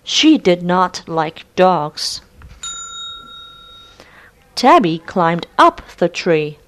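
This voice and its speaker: Woman reading a storybook very slowly. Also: fairly low pitch. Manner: clear, deliberate and lively. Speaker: storybook reader. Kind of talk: slow read-aloud storybook narration.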